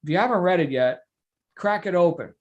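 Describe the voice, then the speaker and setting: A man's voice: high voice, expressive, brisk, dull audio. A middle-aged man, coaching on a motivational call. He talks emphatically, repeats words and often checks in with "right?".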